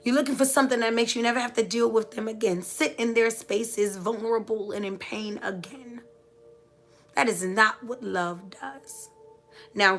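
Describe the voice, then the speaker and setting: A middle-aged woman giving a heartfelt motivational talk to live viewers, with emphatic, preacher-like repetition. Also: a little high. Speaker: motivational speaker.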